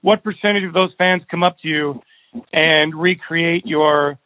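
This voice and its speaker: A male radio host puts short, conversational questions to his guest. His voice sits a little high. The sound is dry and thin, like a phone line. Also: unhurried, no room sound.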